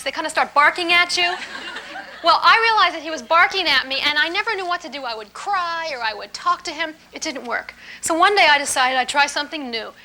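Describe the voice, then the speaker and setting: Bright, high-voiced woman lecturing a seminar. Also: slight background noise. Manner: lively, emphatic, playful, laughs while teaching. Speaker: relationship seminar speaker. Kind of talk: live seminar talk to an audience.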